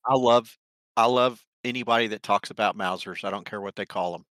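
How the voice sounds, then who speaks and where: A man speaking as a guest author in a casual interview, telling stories in a relaxed, good-humored way. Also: on the low side, brisk, dry recording.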